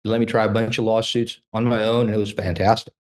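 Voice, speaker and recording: Man in his 50s telling war stories, low-ish voice, does all the quotes himself. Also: quick pace. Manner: animated anecdotes acting out quoted dialogue. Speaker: guest, trial lawyer. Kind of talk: casual storytelling interview.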